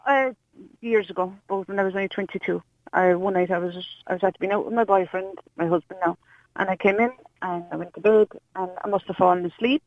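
A woman with an Irish accent calling in to a radio show, telling a story hesitantly with many pauses. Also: mid-range voice, steady tone, no room sound. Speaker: caller. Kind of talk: phone-in storytelling. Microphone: phone line. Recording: muffled phone line.

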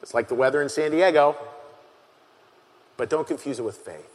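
A man preaching a sermon as pastor, earnest and halting, often repeating his key phrases for emphasis. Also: mid-range voice. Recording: long hall reverb.

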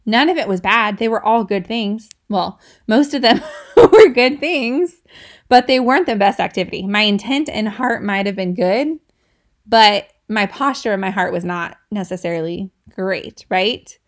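A woman's voice: medium pitch, lively intonation, unhurried. Woman in her 30s doing a laid-back faith podcast, chatty, keeps asking "right?" and laughing. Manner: chatty, asks listeners "right?", laughs between points. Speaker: podcast host. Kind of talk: casual devotional teaching.

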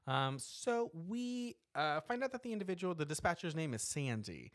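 A man's voice: a little high, normal speed, no room sound, studio quality. A man in casual chat, retelling a horror film's plot with fillers and laughs. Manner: animated storytelling with frequent laughs and fillers. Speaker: podcast co-host recapping a horror film.

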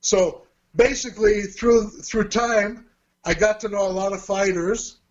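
A man's voice: sits high, steady tone, measured pace, muffled recording. A man, a martial arts teacher and fight promoter, telling his story in an interview in a chatty way with restarts. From Australia. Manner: chatty, with restarts and quoted dialogue.

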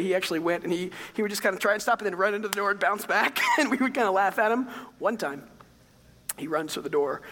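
A man in his thirties preaching a sermon, telling stories with big swings between quiet and loud passages. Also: extremely high pitch. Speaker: pastor. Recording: long hall reverb.

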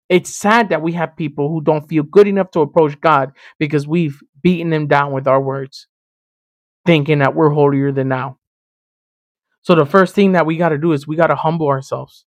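A man from Miami preaching on his podcast with an emphatic, animated delivery. His voice sits a bit high, and the dry, close recording has no room sound. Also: normal speed, no room sound. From Miami, Florida. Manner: emphatic, animated, speaks straight to the listener. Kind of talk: sermon-style podcast teaching.

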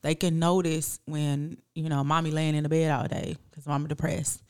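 With a deep, clean-toned voice at a moderate pace, a woman in her thirties co-hosts a podcast. She chats casually and tells lively stories, voicing the quotes herself.

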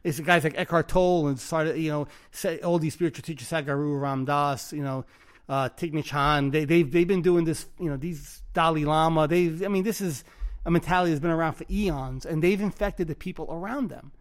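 A man's voice: a little high, fairly quick. A man hosting a podcast and talking about his own book in casual chat, earnest and reflective, often restarting his phrases. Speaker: podcast host and author.

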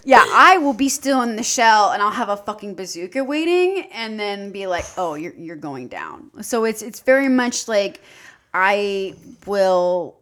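A young woman co-hosting a podcast in casual chat, candid and profane, dropping into low mock-menacing asides. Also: lively intonation, measured pace, fairly bright tone. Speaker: podcast co-host.

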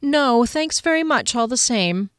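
A woman's voice: on the high side, animated, unhurried, fairly bright tone, clean tone, no echo, clean studio sound, pitched above the performer's own voice. A woman doing a harried male wood elf. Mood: polite. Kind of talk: audiobook character voice.

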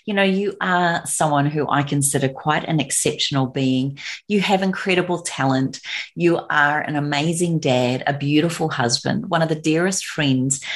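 A woman hosting an interview podcast, gushing and full of compliments for her guest. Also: sits low. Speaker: podcast host.

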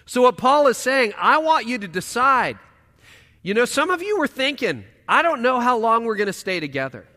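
A pastor preaching a sermon, swinging between loud emphatic lines and hushed quiet asides, in a church auditorium. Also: male voice, very high voice, very animated, moderate pace, in a large hall.

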